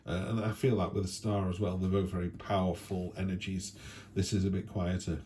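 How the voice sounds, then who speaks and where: Low-voiced man chatting through a tarot reading. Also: little pitch movement, fairly quick, mellow. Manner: chatty, rambling, with tag questions. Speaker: tarot reader. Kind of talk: casual weekly tarot reading.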